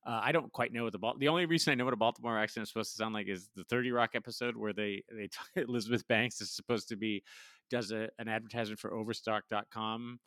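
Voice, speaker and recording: Bright-voiced man chatting casually. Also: on the low side, fairly even intonation, quick pace, no echo. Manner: rambling, laughs often, many fillers. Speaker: podcast co-host. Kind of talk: casual chat. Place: lives in Washington, D.C.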